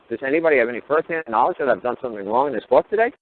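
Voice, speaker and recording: A man's voice: medium pitch, animated. Blunt profane man on a phone line. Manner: blunt, profane, rapid rhetorical questions. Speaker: talk show guest lecturer. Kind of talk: profane call-in talk.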